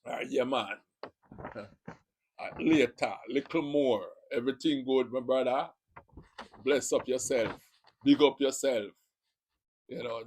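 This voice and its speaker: A man's voice: medium pitch, slight background noise, rough recording. A man with a Jamaican accent hosting his own video channel, giving a casual, rambling spoken testimony full of "you know" fillers.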